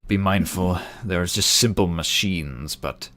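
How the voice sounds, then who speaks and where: A man voicing Zero, a stern, rational male official in a tabletop game, speaking in a measured, dismissive way. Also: low-pitched, fairly bright tone. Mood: cautious. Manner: measured, dismissive, matter-of-fact. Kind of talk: tabletop role-play character voice.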